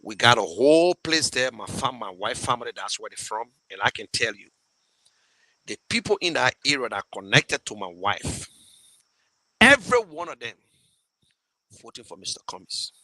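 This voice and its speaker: A Liberian English–accented man hosts a show, chatting casually with viewers live while fundraising for a campaign. Emotional and rambling, he restarts often as he thanks supporters, in a medium-pitched, sing-song, sharp voice at a moderate pace with long pauses. The recording is dry and rough.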